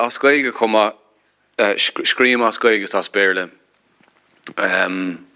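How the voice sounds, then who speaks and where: Earnest Irish man with a bright edge. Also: low voice, smooth. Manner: earnest and emphatic, with bursts of laughter. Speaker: poet on a festival panel. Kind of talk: poetry reading and panel talk.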